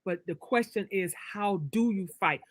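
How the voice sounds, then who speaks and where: A woman's voice: mid-range voice, moderate pace, slight background noise. A woman author being interviewed, telling her story in an emphatic, preacherly way with big swings of energy. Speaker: author, guest. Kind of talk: casual livestream interview.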